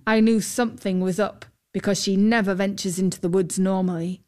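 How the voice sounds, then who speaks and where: A woman's voice: mid-range voice, fairly even intonation, a little fast, darkish tone, close to an everyday voice. A woman voicing a troubled old fisherman, earnest and scolding in a storybook tale. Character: troubled old male fisherman, stern but gentle.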